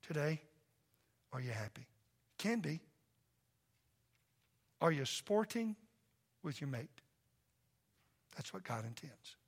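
Gravelly preacher, shouting then soft. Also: male voice, a little high, sing-song, takes it slowly, long pauses. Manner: preaches loud and impassioned, then drops to a soft earnest plea. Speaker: pastor. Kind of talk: sermon. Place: church sanctuary.

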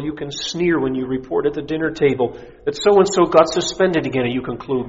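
A man's voice: on the high side, lively intonation, a little fast, hardly any pauses, a little mellow, in a large hall. A middle-aged man, a pastor, preaching a sermon with rising intensity and mocking voices. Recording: dull lo-fi recording.

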